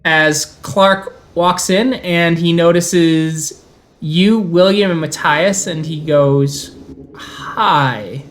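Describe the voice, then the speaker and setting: A man's voice: on the high side, steady tone, slow, slight background noise. A man running a tabletop game as game master, narrating scenes and slipping into character voices. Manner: storytelling, slips into character voices.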